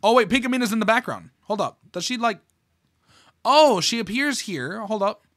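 A young man reading a comic aloud and reacting to it in casual commentary, getting excitable and swearing freely. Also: sits high, moderate pace, no room sound, clean studio sound.

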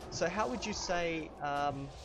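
A man teaching a language lesson while playing a game, speaking softly and keeping his voice low, patiently repeating each phrase slowly. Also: noisy background. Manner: soft-spoken, kept low. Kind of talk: casual lesson while gaming. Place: home room at night.

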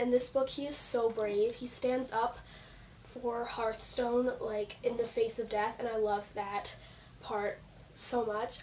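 Gushing woman with a croaky, fading voice. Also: on the high side, darkish tone. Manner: gushing, rambling with "like" and "so". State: losing her voice, croaky. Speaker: book reviewer. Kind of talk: casual book talk. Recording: slightly distant mic with faint noise.

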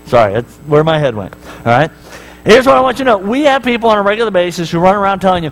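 A man's voice: high-pitched, sing-song, fast, fairly bright tone, low-quality recording. A man preaching a sermon as pastor in a church, telling stories and jokes in a casual way and often asking the crowd "right?".

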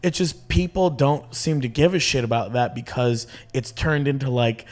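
A man's voice: mid-range voice, normal speed. A man who is a comedian, chatting casually as a podcast guest, telling stories animatedly, acting out quotes, and swearing often.

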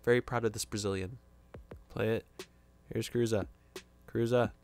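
Excitable young man commentating a game. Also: fairly low pitch, normal speed, soft background music. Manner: excitable, jokey, reacts loudly to plays. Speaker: gaming YouTuber. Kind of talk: casual video game commentary.

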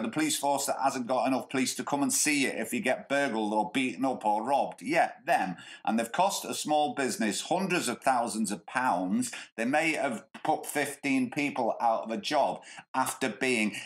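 A man's voice: mid-range voice, moderate pace. A man hosting a podcast, giving sarcastic, sweary commentary and mocking the people he quotes. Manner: sarcastic, mocking put-on voices when quoting. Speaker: podcast host.

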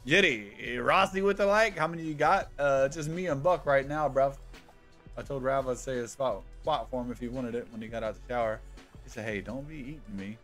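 A man's voice: mid-range voice, fairly quick, a bit bright, faint music behind. Profane, chatty man live-streaming a game. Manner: loose and profane, greeting viewers by nickname. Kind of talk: casual live-stream chat while gaming.

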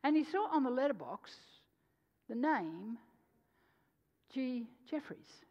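A woman's voice: sits high, takes it slowly. Woman preacher telling a story in a reverberant hall. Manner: animated storyteller, swings between loud and soft. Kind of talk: sermon storytelling. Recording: dull lo-fi sound with long hall reverb.

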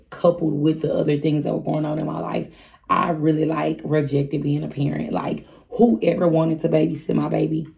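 A woman in her thirties with a low, gravelly, dark voice tells a storytime vlog in casual chat. She's candid and chatty, talking straight to her viewers.

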